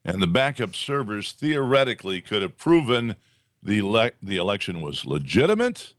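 A man co-hosting a casual political talk show, animated, with mocking asides. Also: lowish voice, normal speed, no echo, studio quality. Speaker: podcast co-host.

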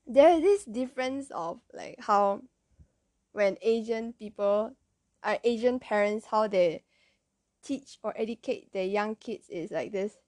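A woman's voice: mid-range voice, a little slow, a little mellow, no echo. A young woman with a Malaysian English accent, chatting casually and rambling through childhood stories with frequent self-amused laughs. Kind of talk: casual storytelling.

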